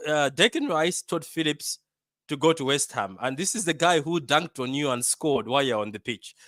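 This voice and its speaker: Fan-channel host, man from Africa: bantering match reaction, bright forceful voice, fairly high, dry close sound. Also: no echo. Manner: animated, bantering, repeats himself.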